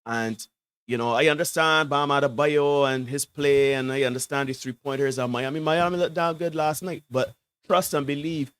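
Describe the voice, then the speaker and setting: A man giving emphatic basketball analysis on a sports talk show. He often asks "right?" and swings between low asides and loud, preachy bursts. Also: fairly even intonation, moderate pace, clean tone, no room sound.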